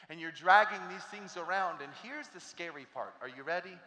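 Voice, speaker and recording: A man in his thirties giving a motivational talk to teachers, animated and quizzing the crowd while acting out stories. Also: fairly high pitch, a little fast, few pauses, big-room sound. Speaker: motivational speaker.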